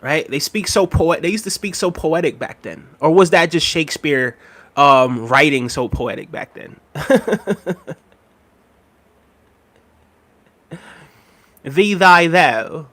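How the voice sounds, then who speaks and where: A man's voice: on the high side, moderate pace, a bit bright. Laughing, rambling male live streamer. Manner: laughs often, rambling, repeats himself, reads chat aloud. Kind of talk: casual live stream chat.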